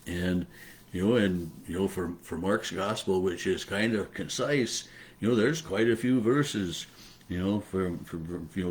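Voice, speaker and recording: This man is a pastor offering an informal daily reflection on a Bible passage. He thinks out loud in a halting, thoughtful way, full of fillers and restarts, and his voice sits low.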